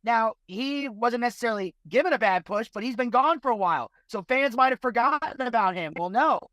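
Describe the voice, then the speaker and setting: A man's voice: very high-pitched, expressive, fairly quick, bright, forceful tone, dry recording. A man co-hosting a podcast, making emphatic points and posing rhetorical questions in casual discussion. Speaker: podcast co-host.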